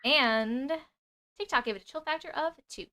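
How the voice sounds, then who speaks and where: A woman hosting a live chat stream, excitable and quick to laugh, who races through thank-yous to her viewers. Her voice sits high and sounds bright and sharp. The recording is dry and close, with no room sound. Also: no echo. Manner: chatty and excitable, rattles off thank-yous fast; swears casually, gasps and laughs often. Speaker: livestream host. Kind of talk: casual livestream chat, reading comments and thanking gifters.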